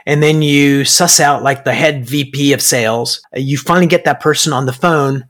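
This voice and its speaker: A man hosting a podcast interview, asking questions and answering with quick, upbeat affirmations. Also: medium pitch, a bit bright. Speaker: podcast host. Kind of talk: conversational interview.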